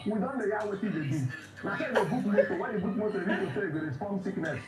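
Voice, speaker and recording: A man's voice: high voice, fast, over a noisy crowd. Nigerian Pidgin man in a comedy skit. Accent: Nigerian Pidgin English. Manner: excited, pleading and scolding. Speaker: driver. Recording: roomy, far from mic, loud music behind.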